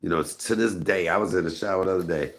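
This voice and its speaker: A man's voice: deep voice, quick pace, gravelly. A middle-aged man hosting a live stream, telling rambling, candid stories and talking to his chat. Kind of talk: casual storytelling to viewers.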